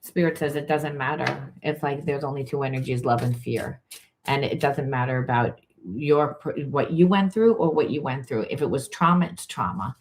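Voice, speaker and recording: Low-voiced woman coaching in a rambling way. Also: normal speed, a little mellow, slight background noise. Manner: rambling, conversational, frequent restarts and fillers. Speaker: spiritual coach. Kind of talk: informal coaching monologue.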